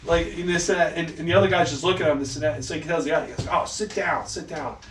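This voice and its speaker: Guy on a podcast, kinda high voice, tells stories and does all the voices, roomy echo, faint hiss. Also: very fast. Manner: animated storyteller, acts out quotes, swears freely. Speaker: podcast co-host. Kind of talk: casual chat. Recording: echoey room, mic at a distance, faint hiss.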